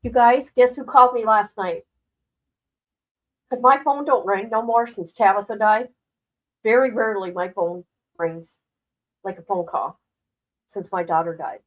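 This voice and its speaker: A woman's voice: medium pitch, a little slow, long pauses, narrow, tinny audio. A middle-aged woman chatting casually on a live stream as a commentator, rambling and emotional, often breaking into exclamations.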